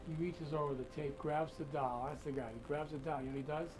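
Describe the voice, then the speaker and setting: A man's voice: a little high, steady tone, fast, noisy background. A man telling a creepy story in a conversational, dramatic way, full of asides, while guiding people through a museum room. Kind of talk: spooky storytelling.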